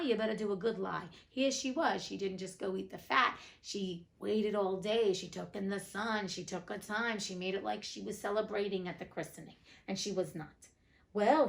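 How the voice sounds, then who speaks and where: A woman's voice: mid-range voice, poor audio. A woman hosting a fairy tale reading, narrating and breaking off for blunt, chatty asides with some swearing. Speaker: reader and host.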